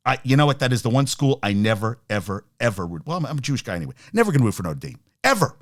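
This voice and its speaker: A man's voice: medium pitch, sing-song, very fast, hardly any pauses, no room sound, clean studio sound. A man hosting a casual sports talk stream, rambling and joking, swearing freely as he reads and answers viewer comments.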